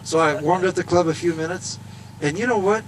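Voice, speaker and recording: A folksy, humorous man with a somewhat high voice tells a story to a crowd outdoors. Faint noise from the open air sits under his words. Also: brisk. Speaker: golfer and speaker. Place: outdoors at a golf event.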